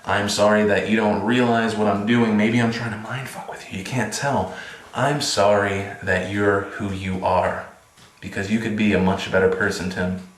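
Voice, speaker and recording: A man's voice: lowish voice, steady tone, moderate pace, roomy sound, slight background noise, rough recording. A man in his twenties making a casual, sarcastic vlog, delivering a string of mock apologies. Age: 20s. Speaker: vlogger.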